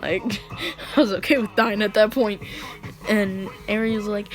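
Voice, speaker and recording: A woman's voice: medium pitch, moderate pace. A woman casually retelling a fan-fiction story in a rambling, giggly way. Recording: home recording with music underneath.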